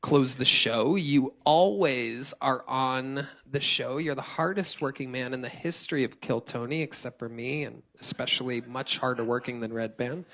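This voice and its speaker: Gravelly man hosting with sarcasm. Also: medium pitch, normal speed, few pauses, fairly bright tone. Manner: sarcastic, teasing interviewer. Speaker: host of a live comedy podcast. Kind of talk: hosting banter on a live comedy show. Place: stage of a live comedy show.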